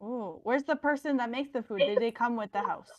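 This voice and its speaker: A woman's voice: fairly high pitch, brisk, no echo, muffled recording. A woman playing in a tabletop game, talking in character with naive questions and protests. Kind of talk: casual in-character play.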